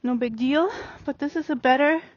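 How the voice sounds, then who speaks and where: Calm coaxing woman, higher voice. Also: moderate pace, dry recording, muffled recording. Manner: calm, coaxing, many fillers. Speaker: horse trainer. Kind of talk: explaining training while working a horse. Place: outdoor open riding arena.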